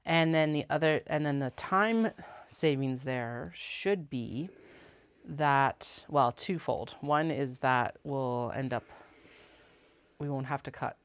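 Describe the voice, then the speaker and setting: A woman's voice: a bass voice, takes it slowly, clean tone. A woman who vlogs about sewing, chatting casually on a clip-on mic and muttering to herself and her cats as she works in her basement. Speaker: sewing vlogger. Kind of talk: casual chat while working.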